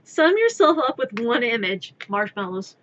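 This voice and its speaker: A woman's voice: on the high side, very animated, normal speed, muffled recording. A woman streaming her crafting, chatting in a rambling, playful way from her own room, sometimes scolding her cat. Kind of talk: casual live-stream chatter.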